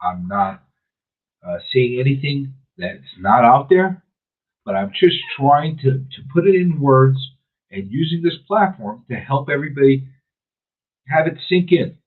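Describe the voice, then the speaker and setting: Husky man ranting on talk radio. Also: medium pitch, big pitch swings, measured pace. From New York City. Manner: emphatic, repetitive, restarts mid-sentence. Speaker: radio show host. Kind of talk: opinionated talk radio monologue. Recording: tinny phone-like radio audio.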